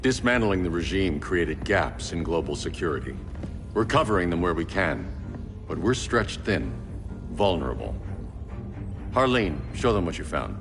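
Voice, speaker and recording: An actor playing a grim, secretive male billionaire vigilante who gives terse, gravelly commands in a game cutscene. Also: deep voice, very animated, normal speed, big-room sound, over music. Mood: stern.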